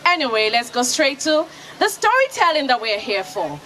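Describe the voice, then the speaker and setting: A woman from Nigeria, a storyteller and radio host, telling a children's story with lively call-and-response. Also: high-pitched, moderate pace, poor audio. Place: outdoor festival kids' area. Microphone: handheld microphone. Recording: outdoor crowd noise in background.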